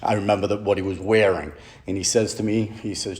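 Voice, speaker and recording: A middle-aged man, a police officer telling his faith story to a retreat group, halting and heartfelt with many stammered restarts. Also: lowish voice, a little mellow. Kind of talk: personal testimony to a men's retreat.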